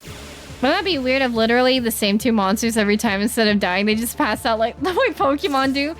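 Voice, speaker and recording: A woman streaming a game, chatting casually and reading the dialogue aloud in quick playful voices. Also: fairly high pitch, animated, soft background music.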